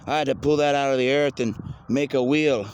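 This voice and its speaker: A man's voice: medium pitch, brisk. Rambling man talking outdoors, noisy. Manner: rambling, excitable, repeats himself. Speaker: video blogger.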